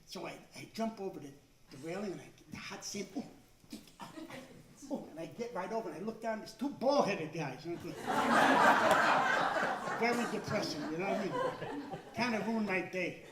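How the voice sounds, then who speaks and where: A stand-up comedian, a man in his fifties, telling chatty, self-mocking stories with quick asides and putting on little voices. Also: sits high, lively intonation, very noisy. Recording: echoey stage sound from a distance.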